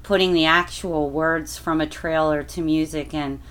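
Female caller, low-pitched, easygoing ramble. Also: steady tone, moderate pace, fairly bright tone. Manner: chatty and rambling, many ums. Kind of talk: casual chat.

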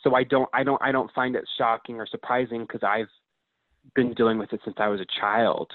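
A man's voice: medium pitch, little pitch movement, fairly quick, no room sound, narrow, tinny audio. A man of about thirty, a podcast guest, talking in an emotional, heartfelt way and swearing casually.

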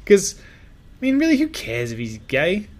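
A man co-hosting a comedy podcast in loose, casual chat. His voice sits a little high for a man, and he rambles through fillers and restarts and often breaks into laughter. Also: huge pitch swings, a little slow, a little mellow. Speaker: podcast co-host.

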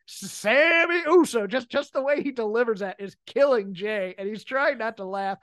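Chatty podcast co-host, woman, middle pitch, close dry sound. She laughs easily and breaks down wrestling moments in a relaxed, animated way, with nothing ringing around her voice. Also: moderate pace, no room sound. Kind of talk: casual wrestling commentary chat.

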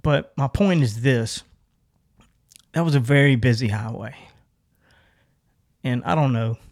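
A middle-aged man, a podcast co-host telling a long story in a casual, animated way, laughing often and acting out the voices of the people in it. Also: medium pitch, a little slow.

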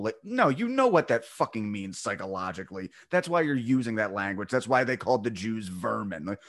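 A man's voice: mid-range voice, lively intonation, moderate pace, a bit bright. A man hosts a casual podcast conversation in a mid-range voice. He talks bluntly, swears freely and mocks opposing views with sarcasm. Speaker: podcast host.

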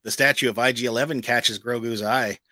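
A man co-hosting a podcast, reading a plot recap in a steady narrating tone with quick casual asides. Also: medium pitch, dry recording, low-quality recording. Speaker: podcast co-host recapping an episode.

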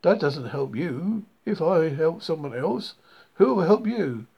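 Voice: medium pitch, big pitch swings, a little slow, vocal fry, husky, highs cut off, exaggerated voice. A reader voicing a caring mother mole in a rhyming children's story, motherly and coaxing.

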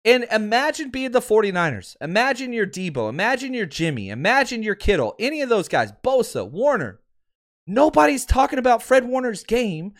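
Fired-up, high-pitched male sports host. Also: normal speed. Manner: heated, sarcastic ranting with mocking quotes; calms to a quieter, lower promo pitch. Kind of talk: fired-up fan commentary.

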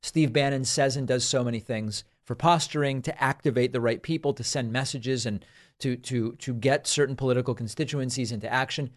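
A man's voice: medium pitch, steady tone, fairly quick. A man hosting a political talk show, delivering an emphatic commentary monologue and repeating phrases for stress.

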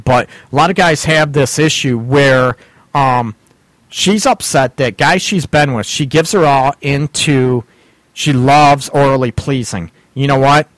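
A man's voice: medium pitch, a little slow, a bit bright, no room sound. A middle-aged man hosting a casual talk show about relationships, rambling and laughing often. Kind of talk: casual radio-style chat about relationships.

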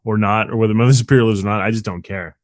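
A man co-hosting a podcast, chatting casually about a movie with wry, rambling, deadpan asides. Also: lowish voice, racing, no room sound, studio quality. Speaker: podcast co-host.

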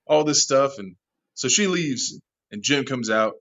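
A man guest in an interview, a bar manager telling a rowdy story, animated, laughing often and swearing freely. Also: medium pitch, measured pace, lo-fi sound. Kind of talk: casual storytelling.

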